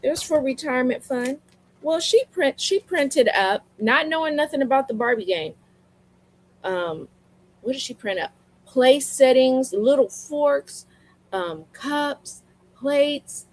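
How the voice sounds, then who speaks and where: A woman with a fairly high voice hosts her own live sales stream. She tells chatty stories at an unhurried pace and talks straight to her viewers, repeating lines for emphasis. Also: lively intonation, low-quality recording. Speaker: livestream seller. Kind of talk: casual live stream chat. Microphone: streaming mic.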